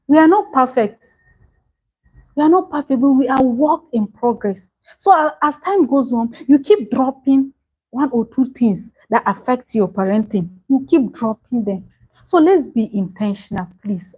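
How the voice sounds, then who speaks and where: A woman's voice: on the high side, a little mellow, husky, rough recording. A middle-aged woman teaching a parenting masterclass, earnest and pleading, often repeating her key points. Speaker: parenting coach.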